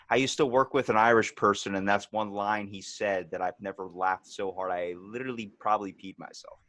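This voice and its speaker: A man's voice: on the low side, steady tone, a little fast, few pauses, a bit bright, no echo. A man hosting a casual interview, loose and joking, with a slangy way of talking. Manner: loose, joking, slangy, does silly voices. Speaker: podcast host.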